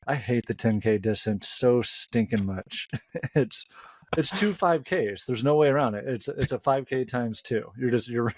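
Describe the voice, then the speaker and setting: A man's voice: medium pitch, darkish tone, no room sound. A man from upstate New York co-hosting a running podcast, chatting casually and mocking himself. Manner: joking, self-mocking. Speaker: podcast co-host. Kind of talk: casual chat.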